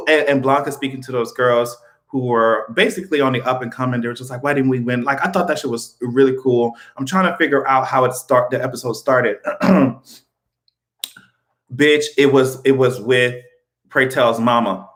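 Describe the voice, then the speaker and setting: A man talking in a casual commentary vlog, animated, swearing freely and laughing often. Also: medium pitch, moderate pace. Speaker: vlogger.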